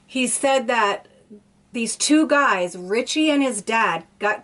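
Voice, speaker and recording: A woman's voice: mid-range voice, a bit bright. A woman YouTuber casually retelling a true crime story, rambling with restarts and lots of "like".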